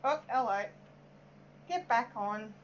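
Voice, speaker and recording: A woman's voice: on the high side, lively intonation, slow pace, dull audio, a little hiss or hum. Chatty Australian woman on a live stream. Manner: chatty and rambling, reading out viewer comments, many "um"s. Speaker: yarn dyer hosting a live stream. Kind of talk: casual live-stream chat while working.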